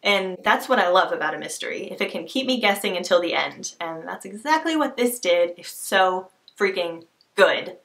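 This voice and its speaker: A woman's voice: lowish voice, animated, moderate pace, fairly bright tone. A woman vlogging a casual book tag into her camera, gushing and self-deprecating as she talks about her favorite reads. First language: not Scottish, cannot do the accent.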